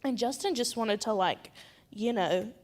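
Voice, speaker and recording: A young woman, a youth pastor talking in a church round-table discussion and telling stories with lively acted-out quotes. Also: on the high side, unhurried. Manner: animated storyteller, acts out quoted speech.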